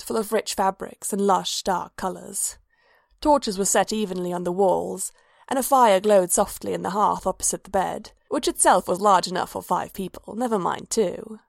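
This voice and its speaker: A woman narrating a fan fiction story aloud in an even, measured way. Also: mid-range voice, creaky, dry recording, clean studio sound.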